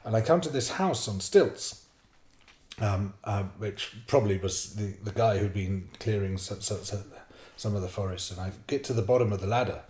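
A man with a lowish voice recounts an adventure in an easygoing, hesitant way, scattering ums as he goes. He grows animated as he acts out the drama. The sound has a noticeable room echo. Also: normal speed. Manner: animated, hesitant with many ums, acts out his own panic. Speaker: podcast guest storyteller. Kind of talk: casual spoken storytelling.

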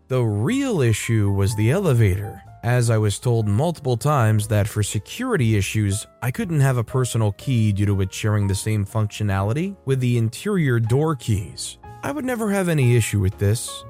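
A man reading online stories aloud in first person as scripted narration, lifting his pitch for quoted lines. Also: warm tone. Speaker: story narrator.

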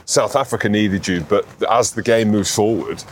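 A man's voice: fairly low pitch, normal speed, slight background noise. A man hosting a podcast, bantering and teasing his guest in casual chat. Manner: teasing banter, says mate. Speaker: podcast host.

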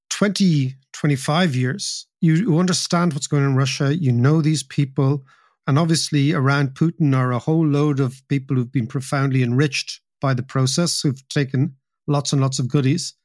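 A man's voice: fairly high pitch, normal speed, a little mellow, dry recording, studio quality. A man hosting a podcast interview, asking probing questions and rephrasing as he goes. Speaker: podcast host.

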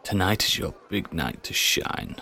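A man's voice: low voice, lively intonation, a little slow, creaky, sharp tone, a little hiss or hum. Jokey man playing a tabletop game. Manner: jokey, swears, banters. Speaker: player. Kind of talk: casual tabletop game chat.

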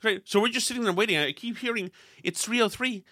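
A man's voice: high-pitched, fast, pushed and bright, dry recording, clean studio sound. A man hosting a podcast, telling a self-deprecating story in casual chat and acting out the quotes with lots of animation. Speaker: podcast host.

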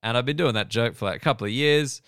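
A man's voice: mid-range voice, quick pace, a bit bright, clear, resonant tone, no room sound, studio quality. A man in his thirties with an Australian accent, telling rambling, profane, self-deprecating stories as a comedian hosting his own podcast. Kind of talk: casual comedic monologue.

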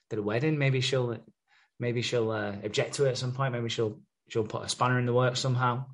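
A man's voice: mid-range voice, steady tone, brisk. A young man chatting casually and swearing freely as he recaps soap scenes, briefly acting out the characters' lines. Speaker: podcast co-host recapping a soap. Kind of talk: casual chat.

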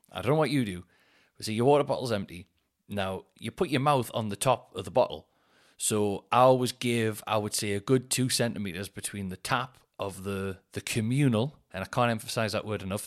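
Sweary, ranting man. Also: medium pitch. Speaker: podcast host. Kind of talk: casual solo chat. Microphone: headphones in, home podcast mic.

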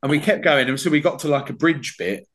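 A man's voice: a little high, fast. A man hosting a podcast, telling a story in casual chat, swearing a lot and laughing as he goes. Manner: sweary, animated, laughs while telling stories. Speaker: podcast host.

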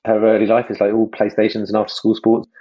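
A man hosting a casual podcast conversation, enthusiastic and self-deprecating, slipping into quick impressions. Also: lowish voice, completely flat delivery, lo-fi sound. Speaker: host and project creator.

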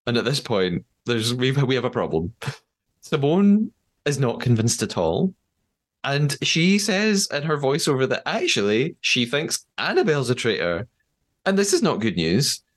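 With a medium-pitched voice and a slightly slow delivery, this English-accented podcast host casually recaps what happened, storytelling with animation and performing the quotes.

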